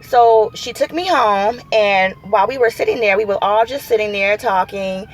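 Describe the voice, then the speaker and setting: A woman's voice: medium pitch, moderate pace, slight background noise. A woman vlogging from her parked car, chatting animatedly and acting out quotes as she tells a story. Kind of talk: casual storytelling vlog. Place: parked car in a parking lot.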